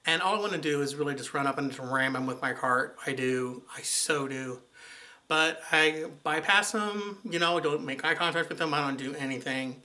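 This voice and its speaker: In chatty vlog style, a man talks to camera about bumping into his ex, exasperated and sarcastic. His voice is a little high and sharp-toned, at a moderate pace.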